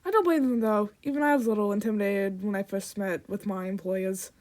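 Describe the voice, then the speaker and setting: A woman's voice: medium pitch, brisk, darkish tone, a little hiss or hum, pitched below the performer's own voice, lightly acted. A woman voicing a prim, formal storyteller figure with a slightly British-sounding manner. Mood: reverent.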